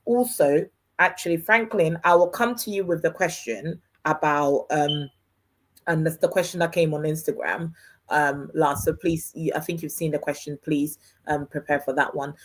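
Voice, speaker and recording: Low-voiced woman hosting a panel. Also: steady tone, rough recording. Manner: brisk, pressed for time, hesitant fillers. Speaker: host.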